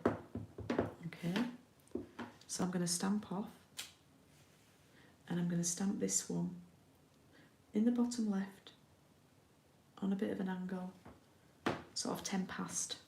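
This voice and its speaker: Chatty woman with a gravelly voice. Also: mid-range voice, steady tone, slow pace, pauses often, dark tone, roomy sound, a little hiss or hum. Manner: chatty, checks in with viewers often. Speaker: card-making demonstrator. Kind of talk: casual craft tutorial.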